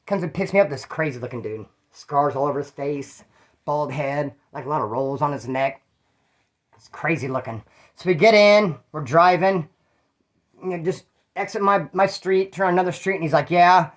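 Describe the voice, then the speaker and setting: A man's voice: a little high, normal speed. Rambling, slangy man telling stories. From Bakersfield, California. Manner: slangy, profane, rambling with asides. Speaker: former prisoner telling stories. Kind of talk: casual storytelling monologue.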